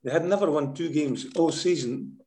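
A Scottish man, a former football manager, telling anecdotes in an interview, lively and often tagging his sentences with "eh?". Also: a little high, normal speed, roomy sound, very noisy. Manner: lively storyteller, tags sentences with "eh?".

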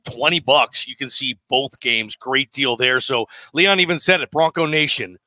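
A man with an American accent hosting sports talk radio, chatty and excitable, jumping between thoughts. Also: medium pitch, normal speed, no room sound.

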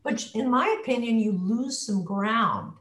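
A woman's voice: fairly high pitch, a little slow, fairly bright tone, reverberant, rough recording. A woman working as a voice and pronunciation coach, explaining on a group call and modeling words aloud.

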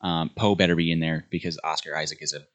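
A young man hosting a podcast in a relaxed, joking way, with plenty of fillers. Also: rumbling low, fast. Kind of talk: casual podcast chat.

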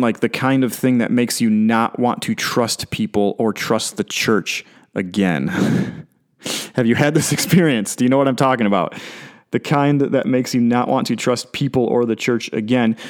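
A pastor with a medium-pitched voice delivers a conversational sermon. His preaching is animated, and he frequently restarts or repeats his words.

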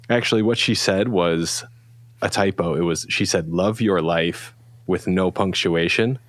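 A man's voice: deep voice, a little slow, no room sound, clean studio sound. A middle-aged man, a guest, telling a rambling casual story and acting out quoted lines. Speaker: guest, pedal company founder.

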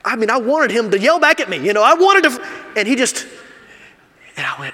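An assistant pastor preaching a sermon in a conversational, confessional way, swinging from quiet asides to loud emphasis. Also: male voice, very high-pitched, very animated, fairly quick, pauses often. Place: church sanctuary. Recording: long reverb of a church hall.

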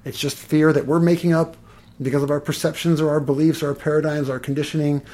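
A man, an energy healer, chatting casually and telling lively stories, swearing and laughing as he goes. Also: a little high, quick pace. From Los Angeles. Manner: animated, swears, laughs through his stories. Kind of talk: casual storytelling in conversation.

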